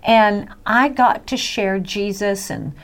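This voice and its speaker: Animated woman telling a story. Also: medium pitch, takes it slowly. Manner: animated storyteller, laughs often, acts out voices. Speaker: guest sharing a faith testimony. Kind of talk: casual storytelling chat.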